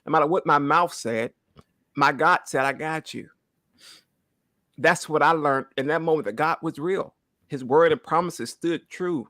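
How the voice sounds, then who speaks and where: A man's voice: on the high side, moderate pace, sharp tone, no echo. A man in his thirties giving an emotional church testimony, earnest and close to tears, often asking "right?". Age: 30s. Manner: earnest, repeats phrases, asks "right?" often. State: holding back tears.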